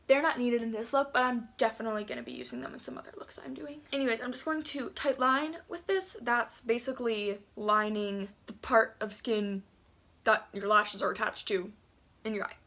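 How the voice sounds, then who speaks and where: A woman's voice: fairly high pitch, animated, normal speed, sharp tone. A woman beauty vlogger talking casually as she does her makeup, chatty and a little self-deprecating. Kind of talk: casual makeup tutorial chat.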